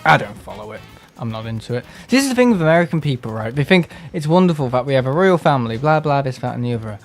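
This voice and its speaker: With big swings in his medium-pitched voice, a fast-talking man from England chats casually on a live game stream. He rambles, turns sarcastic, and mimics others with put-on voices while faint music plays behind.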